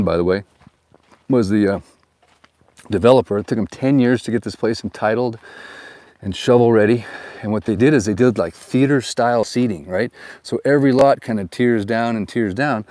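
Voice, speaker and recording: A middle-aged man, a real estate agent, talking casually outdoors while filming with a handheld camera, playful and quick to laugh at himself. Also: medium pitch, mellow, no echo. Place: outdoors at a hillside lot.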